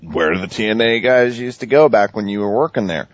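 A man's voice: fairly low pitch, lively intonation, fairly quick, no room sound, lo-fi sound. A man hosting a podcast in casual chat, reading out listener questions. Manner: chatty, reads listener questions. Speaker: podcast host.

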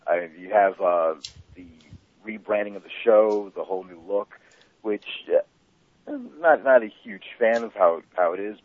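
A man calling in to a wrestling talk show, giving hesitant opinions and repeating words. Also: low voice. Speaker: co-host calling in. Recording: tinny phone line.

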